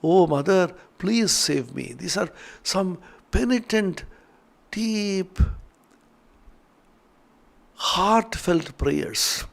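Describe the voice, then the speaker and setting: A man's voice: high-pitched, lively intonation, extremely slow, gravelly, long pauses. An older man, a monk, giving an earnest spiritual lecture with chanted verses and emotional storytelling.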